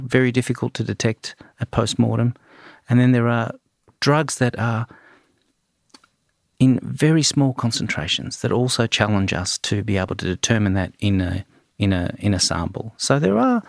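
Gravelly-voiced man explaining patiently. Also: medium pitch, no echo, clean studio sound. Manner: measured, with frequent ums and restarts. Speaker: forensic toxicologist. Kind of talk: explanatory interview answers.

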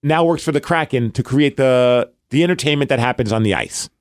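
A man's voice: medium pitch, fairly quick, clean tone, no room sound. A man with a New York accent tells a winding story to his podcast co-host, stumbling over restarts and slipping into the voices of the people he quotes. His voice sits in an ordinary middle register and sounds dry and close, with no room around it. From Brooklyn, New York. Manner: rambling, restarts often, acts out quoted dialogue. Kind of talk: casual storytelling chat.

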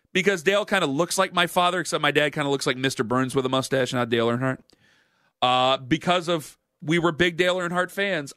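High, bright-voiced sports radio host. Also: male voice, dry recording, studio quality. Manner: animated, jokey storyteller. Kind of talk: storytelling on radio talk show. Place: radio studio.

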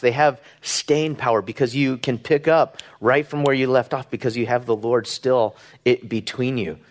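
A middle-aged man, a pastor from Southern California, preaching in an earnest, conversational way, with rhetorical questions and small restarts. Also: mid-range voice. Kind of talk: sermon.

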